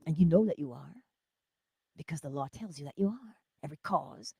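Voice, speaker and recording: A woman hosting a morning inspiration stream, giving an animated motivational talk that moves between loud cheering and soft whispers, laughing often. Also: deep voice, brisk, gravelly, slightly rough, no echo.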